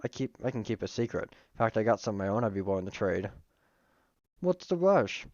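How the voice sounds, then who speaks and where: A man's voice: on the low side, steady tone, fast talker, darkish tone, no room sound, highs cut off. A man streaming himself playing a visual novel, reading the text aloud with playful, joking asides.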